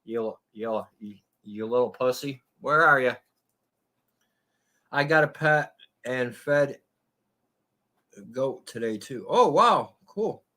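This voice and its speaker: Crude, profane man with a bright voice. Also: mid-range voice, animated, takes it slowly, long pauses. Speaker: live streamer. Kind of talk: casual live-stream chat with viewers.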